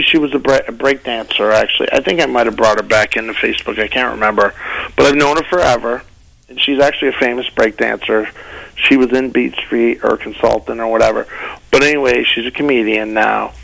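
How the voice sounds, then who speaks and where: A man's voice: mid-range voice, brisk, vocal fry, fairly bright tone, dry recording, poor audio. A man who is a guest comedian, telling casual stories and slipping into voices for the people he quotes. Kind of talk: casual storytelling.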